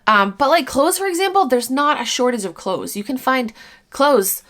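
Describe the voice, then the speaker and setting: A woman's voice: high voice, animated, moderate pace, a bit bright. Blunt, candid woman vlogger. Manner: candid and blunt, swears casually, laughs between points. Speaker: online reseller answering viewer comments. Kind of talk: casual to-camera vlog chat.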